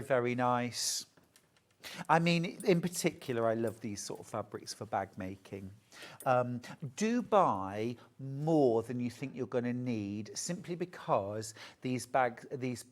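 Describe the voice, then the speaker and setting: Chatty low-voiced woman shopping presenter. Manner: chatty, gushing over fabrics. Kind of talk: live TV shopping demonstration.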